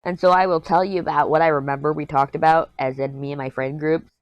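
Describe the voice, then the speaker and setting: A woman's voice: low voice, steady tone, fast talker, clean tone, no room sound, lo-fi sound. A woman in her thirties chatting casually as a crafting vlogger while she works, rambling, easily sidetracked, candid and jokey. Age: 30s. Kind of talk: casual chat while diamond painting.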